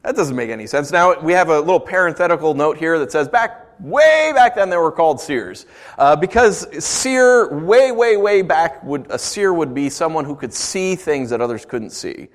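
A man's voice: a little high, expressive, moderate pace. A man preaching as pastor, reading scripture and then explaining it in a conversational way, full of rhetorical questions.

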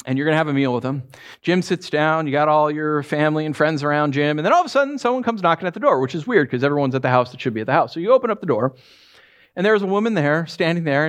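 A man giving a conversational sermon, telling the story in an animated way and putting questions to his listeners. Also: on the high side, fast. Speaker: preacher.

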